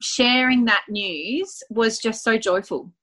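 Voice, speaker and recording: A bright, crisp voice belongs to an Australian woman speaking as an interview guest. She talks effusively, winding through her points with plenty of fillers. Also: on the high side, takes it slowly. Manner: warm, effusive, rambling with fillers. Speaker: guest, award finalist. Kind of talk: casual conversational interview.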